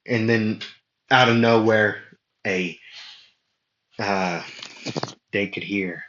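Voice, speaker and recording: Slow, rambling man on lo-fi echoey audio. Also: on the low side, fairly even intonation, fairly bright tone. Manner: rambling, many fillers and self-corrections. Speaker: fan storyteller. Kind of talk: casual improvised fan story narration. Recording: muffled lo-fi audio in an echoey room.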